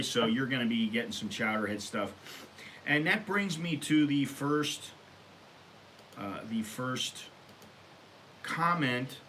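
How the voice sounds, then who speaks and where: An American man hosting his own vlog, talking casually and bluntly, rambling and working himself up into loud rants. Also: on the low side, slight background noise. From United States. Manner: rambling, blunt, gets worked up and loud when ranting. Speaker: vlog host. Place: Thailand.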